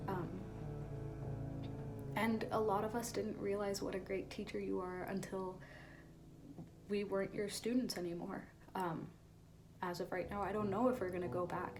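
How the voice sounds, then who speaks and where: A woman's voice: medium pitch, fairly even intonation. Teen girl's tearful farewell over music. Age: teens. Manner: tearful, halting, laughing through emotion. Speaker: graduating show choir senior. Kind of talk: emotional farewell message. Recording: loud music underneath.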